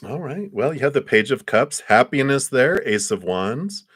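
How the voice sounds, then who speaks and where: A man giving live-stream tarot readings in a gentle, reassuring way, laughing softly and clearing his throat. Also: medium pitch, sing-song, normal speed. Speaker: tarot reader.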